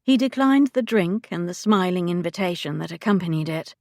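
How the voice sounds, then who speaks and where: Gravelly low-voiced woman narrator. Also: lively intonation, a little fast, a little mellow, no room sound, clean studio sound. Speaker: audiobook narrator. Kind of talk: scripted narration.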